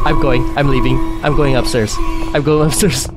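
A man's voice: mid-range voice, steady tone, slow pace, pauses often, over loud music. A man streaming himself playing a horror game, talking to himself with panicky yelps and nervous laughs. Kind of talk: let's-play commentary.

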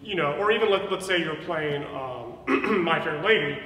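A man's voice: fairly high pitch, lively intonation, normal speed, a bit bright. A male voice teacher coaching a student, talking in an encouraging, explanatory way with many fillers. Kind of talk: voice lesson coaching. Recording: echoey room, mic far off, with piano.

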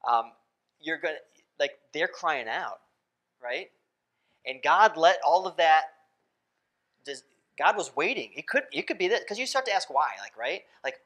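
A man's voice: a little high, animated, unhurried, pauses often, fairly bright tone. Casual, chatty man preaching a sermon. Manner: casual and conversational, asks the congregation questions and laughs often. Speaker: pastor. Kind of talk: interactive sermon. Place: church sanctuary.

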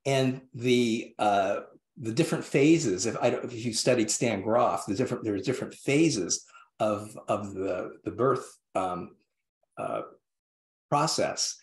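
A man, a guest in an interview, telling a story in a halting way with many restarts and fillers. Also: on the low side, reverberant. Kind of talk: interview conversation.

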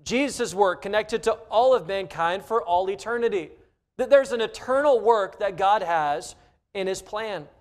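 A man's voice: high voice, lively intonation, normal speed. A man preaching a sermon as pastor, earnest, giving quoted lines extra emphasis. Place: church sanctuary.

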